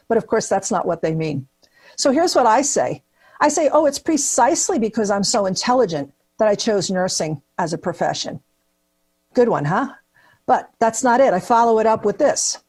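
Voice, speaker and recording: A woman's voice: mid-range voice, breathy edge. Upbeat woman giving a speech. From New Jersey. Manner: upbeat, punchy delivery with comic asides. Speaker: keynote speaker at nursing awards. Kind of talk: prepared speech with humor.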